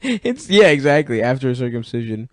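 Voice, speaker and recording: A man's voice: mid-range voice, big pitch swings, a little fast, no room sound, clean studio sound. A young man co-hosting a podcast, laughing a lot and talking in a crude, provocative way. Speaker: podcast co-host. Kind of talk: casual podcast chat.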